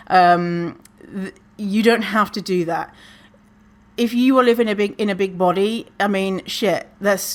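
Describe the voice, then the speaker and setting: A woman hosting a podcast, giving casual advice in a sassy, swearing way and acting out quoted lines. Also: medium pitch. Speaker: podcast host.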